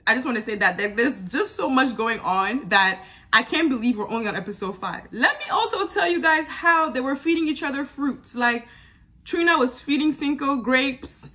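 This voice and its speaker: A woman with a bright, forceful voice, talking casually and animatedly to her viewers. Her pitch sits a touch high, and she laughs often as she recaps the episode. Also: lively intonation, normal speed. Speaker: YouTube reality TV reviewer.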